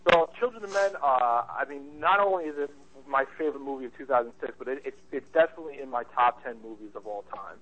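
A man's voice: medium pitch, fairly bright tone. An eager man talking films, lo-fi. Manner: enthusiastic, halting with many restarts. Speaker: podcast co-host, movie reviewer. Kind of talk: casual chat.

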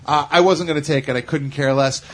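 A man's voice: fairly high pitch, steady tone, a little fast, fairly bright tone. A man from Staten Island, ranting sarcastically in a casual podcast chat. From Staten Island, New York. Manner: ranting, sarcastic, swears freely.

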